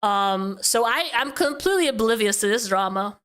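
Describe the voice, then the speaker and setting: A woman hosting a casual podcast, with a high, bright voice. She questions her guest with a puzzled air and laughs often. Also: animated, moderate pace, smooth. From living in Portugal. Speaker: podcast host.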